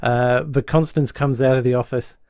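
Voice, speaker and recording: A man co-hosting a podcast, talking through a sitcom plot in a loose, chatty way. He keeps breaking into quick impressions of the characters. His voice sits in a middle register and sounds dry and close to the mic. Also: mid-range voice, fairly even intonation, mellow, no room sound. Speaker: podcast co-host. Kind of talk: casual chat recapping a sitcom episode.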